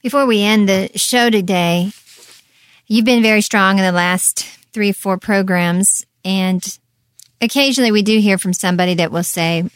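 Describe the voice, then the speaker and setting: A woman hosting a radio talk show, calmly putting questions to her guest. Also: medium pitch, moderate pace, clear, resonant tone, no room sound.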